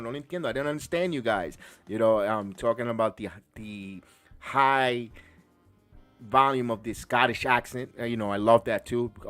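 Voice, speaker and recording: Recapping wrestling on his casual podcast, this host gets excited and rambles, often restarting and filling gaps. His middle-pitched voice has a fairly bright tone, and the dry, close recording has no room around it.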